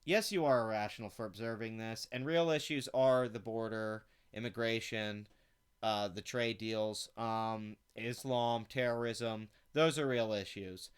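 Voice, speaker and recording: The man's voice sits on the low side, with a clean tone, fairly even intonation, and a measured pace. On his own channel, he reads an article aloud and delivers a profane, sarcastic rant dripping with contempt.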